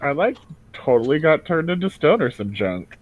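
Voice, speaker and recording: A man's voice: fairly high pitch, sing-song, narrow, tinny audio. A man playing a tabletop game, chatting casually in a jokey, teasing way. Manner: jokey, quick to tease. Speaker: player. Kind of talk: casual chat between tabletop game sessions.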